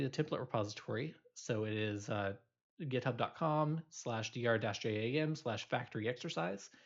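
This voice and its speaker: A man's voice: medium pitch, gravelly, muffled recording. A male instructor giving a recorded programming lecture, explaining loosely with many fillers and restarts.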